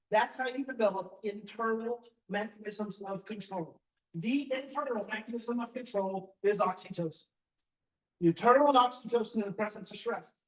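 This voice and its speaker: A man giving a live parenting seminar, talking with passion and repeating key points for emphasis. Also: sits high. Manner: impassioned, emphatic repetition. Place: seminar hall with audience. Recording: echoey hall, distant mic.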